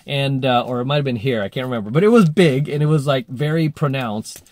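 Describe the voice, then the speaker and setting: A man's voice: mid-range voice, fairly quick, few pauses, a little mellow, no echo. A man coaching dating, telling a story in a casual monologue, full of fillers, and acting out the voices he quotes.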